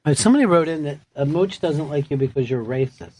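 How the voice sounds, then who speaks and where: A man's voice: on the high side, lively intonation, fast, warm tone. A man hosting a radio show, joking and teasing his guests in casual, profane banter on a studio mic.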